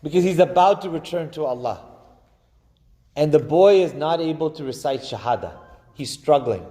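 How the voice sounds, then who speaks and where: A man giving a Friday sermon, preaching with passion, slowing and swelling for emphasis and chanting Arabic phrases. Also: on the high side, expressive, mellow. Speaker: imam giving Friday khutbah. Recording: long hall reverb.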